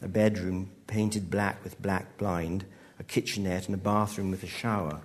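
A male author reads his own story aloud to a live audience. His voice sits low, and he tells the story in a measured, dry way. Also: level tone. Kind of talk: live literary reading. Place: live event hall.

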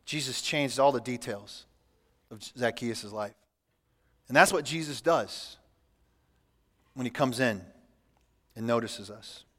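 A man preaching a sermon as pastor, reading scripture aloud and adding relaxed, humorous asides. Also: mid-range voice, slow pace, pauses often. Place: church sanctuary. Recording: church hall with long reverb.

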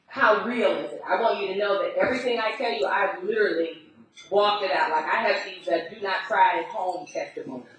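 A woman preacher telling a testimony in a sermon, acting out the people she quotes in lively storytelling. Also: medium pitch, brisk. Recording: very echoey hall, speaker far from the mic.

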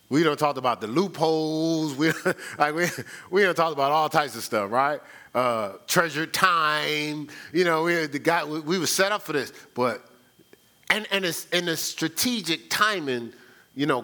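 Animated man preaching a sermon. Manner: preaching with sudden rises and drops in pitch, call-and-response "right?"; repeats words when starting phrases. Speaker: pastor.

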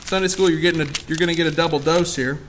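A pastor preaching a sermon, full of emphatic rhetorical questions. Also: male voice, fairly high pitch, fairly even intonation, rapid-fire, a bit bright, a little hiss or hum.

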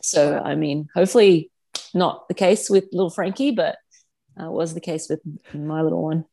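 A woman's voice: low-pitched, normal speed, vocal fry, mellow. A woman in her thirties, a guest on a podcast, talking frankly and casually about raising her kids, with lots of filler words. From Australia. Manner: chatty, frank, many "like" fillers. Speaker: guest, professional triathlete and mother.

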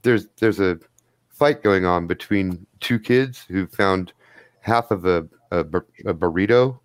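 A man narrating a tabletop role-playing game as game master, relaxed and rambling with fillers. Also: deep voice, measured pace, no room sound.

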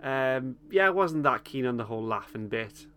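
A man's voice: medium pitch, lively intonation, moderate pace, bright, forceful tone, a little hiss or hum. A man hosting a casual podcast chat, recapping a TV episode with frequent chuckles and hesitant ums. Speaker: podcast host.

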